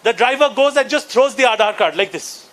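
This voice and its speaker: An Indian man in his forties performs a stand-up set for a live crowd. His speaking voice sits very high and rings bright and sharp. He punches his lines with an Indian English accent and acts out the characters in his stories. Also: animated, a little fast. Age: 40s. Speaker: stand-up comedian. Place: conference hall before a live audience.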